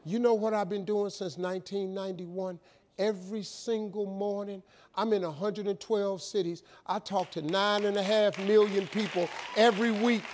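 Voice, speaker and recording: A man telling a motivational life story, animated and emphatic, acting out both sides of phone calls. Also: high-pitched, normal speed, some chatter behind.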